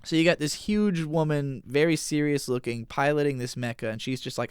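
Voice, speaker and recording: Male podcast host with a smooth, resonant voice; relaxed, chatty recapper who swears now and then. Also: a little high, no echo, clean studio sound. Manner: casual, profane, retells scenes with quick paraphrased dialogue. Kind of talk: casual episode recap and analysis.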